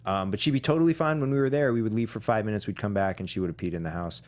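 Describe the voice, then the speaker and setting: A man co-hosting a movie podcast, telling stories in a relaxed way with dry quips. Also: on the low side, rapid-fire. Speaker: podcast co-host. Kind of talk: casual movie chat.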